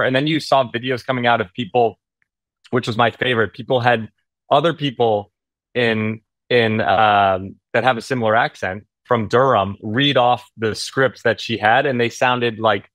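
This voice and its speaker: A man's voice: mid-range voice, steady tone, normal speed, fairly bright tone, dry recording. A man guesting on an interview, telling a story in a casual, rambling way with many fillers. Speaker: actor guest.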